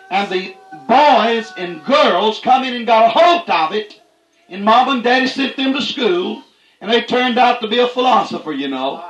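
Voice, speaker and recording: High-voiced folksy preacher man in an echoey room. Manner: folksy, repeats "that's right", rises to shouts. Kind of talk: fiery folksy sermon.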